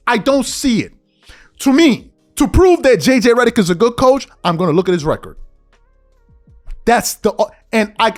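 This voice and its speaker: A man hosting a podcast, delivering a heated commentary monologue, calling out his listeners with rhetorical questions and mocking how they talk. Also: sits high. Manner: mocks others by mimicking their speech. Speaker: podcast host.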